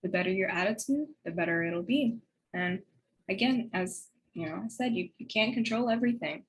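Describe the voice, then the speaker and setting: A woman delivers a heartfelt spoken tribute in a relaxed, conversational way. She sounds reflective and faith-based, and now and then she breaks into a soft laugh. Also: mid-range voice, low-quality recording. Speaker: speaker giving a tribute.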